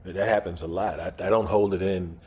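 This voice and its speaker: A man's voice: low voice, fairly even intonation, brisk, darkish tone, breathy edge. A man in his sixties, a guest actor in a casual interview, talking in a laid-back way with chuckles and repeated phrases. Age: 60s.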